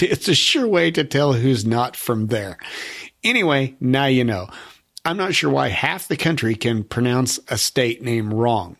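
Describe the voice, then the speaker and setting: A man's voice: mid-range voice, very animated, a little slow, gravelly. A man hosting a podcast alone, chatting casually and reading listener messages, often laughing at his own slip-ups. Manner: self-mocking, laughs often. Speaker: podcast host.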